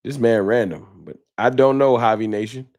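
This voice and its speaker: A man hosting a casual sports fan livestream talks in a loose, slangy way into a streaming mic. His voice sits at a middle pitch, and he moves easily between banter and reading viewer donations aloud. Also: moderate pace, darkish tone. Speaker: fan talk show host.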